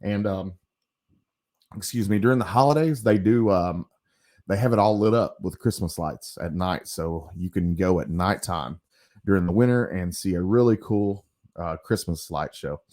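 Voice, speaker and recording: A man giving casual commentary on an old comic book, rambling with frequent pauses and asides. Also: low voice, a little mellow.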